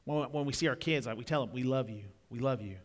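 A young adult man preaching a sermon in a church, talking conversationally, repeating words and swelling louder on key points. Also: mid-range voice, quick pace. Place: church sanctuary. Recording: long reverb of a church hall.

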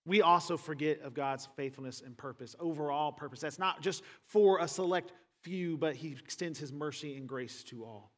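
A man's voice: a little high, moderate pace, few pauses, a bit bright. Man preaching in a reverberant hall. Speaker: pastor. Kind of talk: sermon.

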